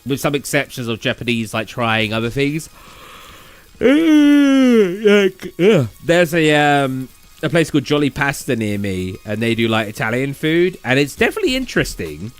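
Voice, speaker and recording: A man's voice: medium pitch, big pitch swings, brisk, few pauses, a bit bright, soft background music. A man with a southern English accent, rambling casually as a gaming streamer who answers his chat.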